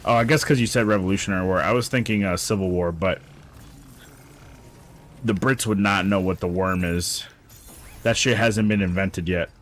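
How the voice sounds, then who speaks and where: A man's voice: low voice, moderate pace, long pauses, a bit bright. A man chatting casually while streaming a game, rambling and joking with plenty of swearing. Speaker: gaming streamer. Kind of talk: casual chat while playing.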